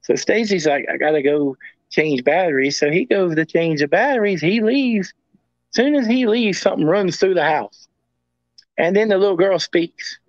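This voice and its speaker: A man's voice: high-pitched, animated, moderate pace, dry recording. A man as a guest, telling stories in a rambling casual way and often repeating himself. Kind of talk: casual storytelling. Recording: dull lo-fi audio.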